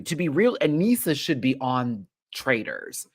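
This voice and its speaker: A man hosting a reality TV recap show, ranting in a sassy, animated way and swearing freely. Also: mid-range voice, a little slow.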